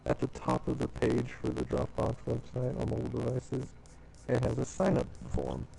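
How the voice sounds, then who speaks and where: A man's voice: extremely low pitch, sing-song, moderate pace, vocal fry, mellow, a little hiss or hum, poor audio. A man with a Southern country accent, teasing friends in loose banter. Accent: American Southern. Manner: teasing, reads text in mock ad voice. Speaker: friend in group chat. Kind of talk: casual banter.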